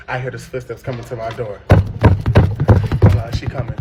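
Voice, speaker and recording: A man co-hosting a casual chat, telling a story in an animated way and jumping up in pitch to act out shouting. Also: moderate pace, muffled recording, very noisy. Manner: animated storyteller, jumps high and loud when acting out shouting. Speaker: podcast co-host.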